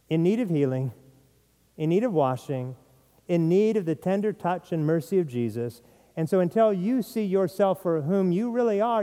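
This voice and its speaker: A man's voice: high voice, warm tone, long reverb tail. A middle-aged man preaching a sermon as pastor, earnest, sometimes repeating words as he stresses a point.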